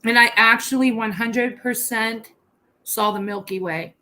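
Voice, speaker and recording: A woman chatting on a live group call, eager and teasing. Her voice sits a bit higher than most. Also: steady tone, a little slow, sharp tone. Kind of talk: casual group chat.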